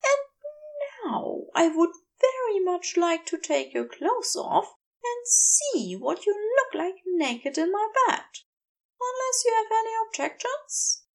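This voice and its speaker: A woman voicing a polite, gently teasing male angel with a prim, raised voice, reading a storybook aloud. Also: very high voice, sing-song, takes it slowly, voice pushed up, exaggerated voice.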